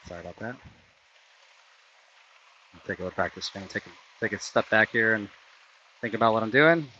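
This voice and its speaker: Competitive and quick to curse after a bad shot, this man narrates his own round on an outdoor mini golf course, calling each stroke casually and venting openly whenever a putt misses. His fairly low voice is bright yet a little tense, with lively intonation and a slightly fast pace. The stream sound is dull and lo-fi, carrying a faint hiss or hum.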